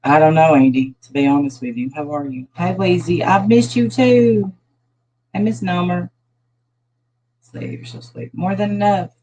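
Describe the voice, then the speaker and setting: A woman's voice: deep voice, level tone, moderate pace, dark tone, a little hiss or hum, rough recording. A tired, sad-sounding middle-aged woman, rambling loosely through a casual phone livestream as she greets her viewers one by one. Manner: loose, rambling talk with restarts. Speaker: livestream host.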